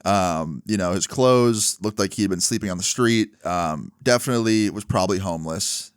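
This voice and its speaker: A young male vlogger with a deep, clear, resonant voice talks at normal speed in a storytime monologue. He tells a personal story casually, often dropping "like" and "right?". The sound is dry and clean, studio quality.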